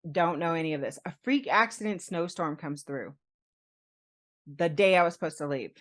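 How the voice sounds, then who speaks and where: Her voice is low and her speed normal as this woman, a podcast co-host, recounts a personal story in easygoing chat. She laughs frequently, stays animated and performs other people's lines.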